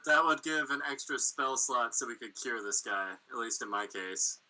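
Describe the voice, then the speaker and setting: A man's voice: mid-range voice, moderate pace, sharp tone, poor audio. A man playing a tabletop game, casually asking rules questions. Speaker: player. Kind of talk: tabletop role-play chat.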